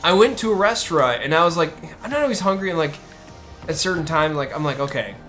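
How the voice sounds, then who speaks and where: A man from the United States talks fast and expressively on a stream, his voice a little high and fairly bright, with faint music in the background. His casual chat rambles, full of fillers and restarts.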